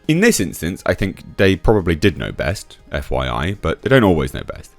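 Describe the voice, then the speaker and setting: A very deep-voiced man talks through his commentary in a casual, sarcastic way, and his lively delivery leaps from low mutters to sharp high bursts. The recording is dry and close, with faint music underneath. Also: normal speed, dry recording. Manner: sarcastic, chatty, swings from low mutter to sudden high emphasis. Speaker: YouTube commentator. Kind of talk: casual commentary reading quotes.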